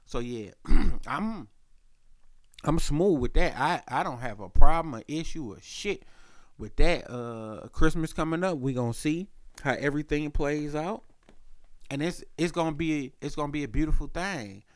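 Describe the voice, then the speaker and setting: A young man hosting a podcast, telling a casual story with lots of slang, filler words and throat clearing, and his voice jumps up when he quotes himself. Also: on the high side, normal speed, no echo, studio quality. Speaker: podcast host.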